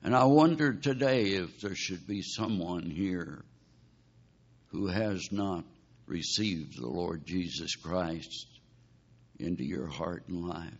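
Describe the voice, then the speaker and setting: Slow, low-voiced preacher on lo-fi recording. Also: male voice. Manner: dramatic storytelling, pleading with listeners. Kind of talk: sermon. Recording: dull lo-fi recording.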